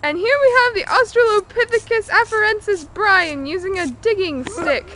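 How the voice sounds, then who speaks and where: A woman putting on a loud, overexcited documentary announcer voice, drawing out her words. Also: very high voice, moderate pace, background noise, voice pushed up. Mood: excited.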